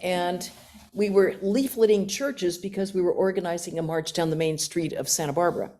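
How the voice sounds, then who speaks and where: Lively older American woman telling stories. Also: fairly low pitch, normal speed. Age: 60s. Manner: animated, laughing, self-mocking. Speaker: guest speaker, nun. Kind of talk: storytelling talk with questions.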